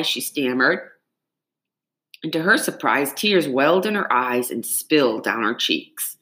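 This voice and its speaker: A woman reading a children's novel aloud in an expressive, dramatic storytelling manner. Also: sits low, unhurried. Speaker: audiobook narrator.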